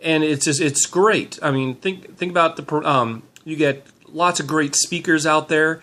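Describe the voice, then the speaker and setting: Middle-aged male team leader, self-filmed pep talk, slightly high voice, eager and loose with fillers. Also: moderate pace, bright, forceful tone. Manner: upbeat, rambling, lots of fillers. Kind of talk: handheld motivational vlog. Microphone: handheld camera mic.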